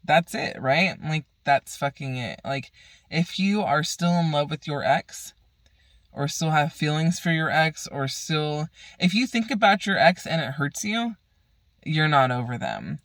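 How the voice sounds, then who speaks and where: A man's voice: a little high, animated, a little slow, a bit bright, no echo. A man from the Bay Area ranting profanely and heatedly in a casual vlog. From San Francisco Bay Area. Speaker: vlogger.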